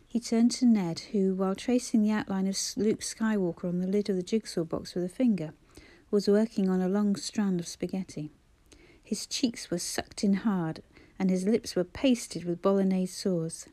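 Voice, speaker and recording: A woman reads a novel aloud in a measured, expressive manner. Her voice is mellow and soft, with an even pitch. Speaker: audiobook narrator. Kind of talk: scripted narration.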